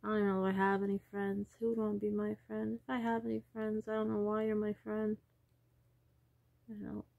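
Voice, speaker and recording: A woman's voice: mid-range voice, completely flat delivery, fairly quick, vocal fry, a little mellow, no room sound. A woman talking in a rambling personal vlog, wandering from thought to thought and sometimes dropping into a whisper. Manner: wandering, trails off and drops into whispers. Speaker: vlogger.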